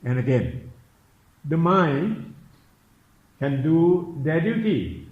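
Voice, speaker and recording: A man giving a Buddhist dharma talk, slowly and repetitively questioning his listeners in simple English. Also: on the high side, sing-song. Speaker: Buddhist meditation teacher. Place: temple teaching hall. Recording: echoey, dull room recording.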